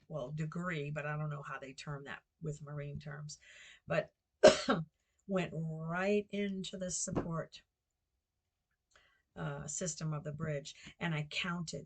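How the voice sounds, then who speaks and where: A woman's voice: sits low, creaky. An older American woman chatting casually at home, meandering and correcting herself with lots of fillers. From United States. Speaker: vlogger and guesthouse host. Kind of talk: rambling casual monologue.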